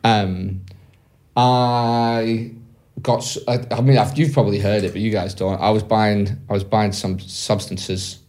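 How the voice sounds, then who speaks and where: A comedian telling a story on a podcast in a casual, animated way, swearing freely and laughing as he goes. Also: fairly low pitch, unhurried. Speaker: comedian guest.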